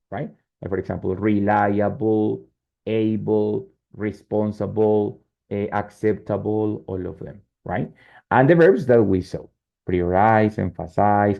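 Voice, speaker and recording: In a muffled, lo-fi online class call, a male English teacher with a Spanish accent and a lowish, vocal-fry voice explains word suffixes. He keeps checking with "right?" and "no?" and slips into Spanish.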